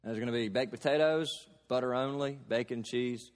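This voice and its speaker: A pastor from Kentucky preaching a sermon, emphatic, with slow stressed phrases and homely everyday examples. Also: male voice, mid-range voice, in a large hall.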